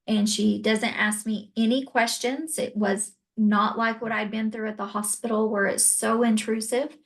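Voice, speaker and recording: A woman telling a deeply personal story as an interview guest, earnest and reflective. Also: level tone, moderate pace, low-quality recording.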